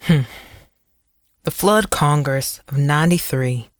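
A narrator playing a grizzled, tired old county sheriff in an audiobook, blunt and gruff with a bitter edge. The read is at a middle pitch and recorded dry, with no room sound. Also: slow pace, no echo, close to an everyday voice. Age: older.

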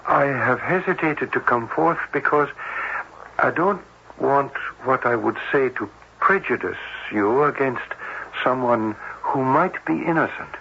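An actor playing a cautious, formal cardiologist, speaking in a measured, hesitant way in an old-time radio drama. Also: male voice, mid-range voice, creaky. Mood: grave. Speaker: doctor. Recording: dull old radio broadcast with faint hiss.

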